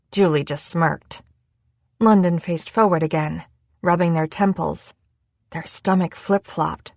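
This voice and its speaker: Slow, low-voiced woman narrating an audiobook. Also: vocal fry, darkish tone, no echo. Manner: measured and unhurried.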